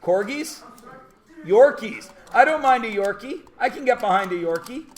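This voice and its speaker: A man teaching a math class in a classroom, lecturing in a high voice. His pitch leaps and dives as he jokes and rants, now and then bursting into a shout. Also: lively intonation, moderate pace. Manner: loud, joking rants with sudden shouts.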